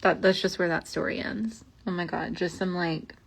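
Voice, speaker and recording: A young woman hosts a podcast of old ghost stories in a slightly low voice. She reads the spooky passages slowly, then drifts into casual, rambling chat packed with fillers and asides. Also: steady tone, gravelly. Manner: rambling and chatty, many fillers, slows down for spooky lines.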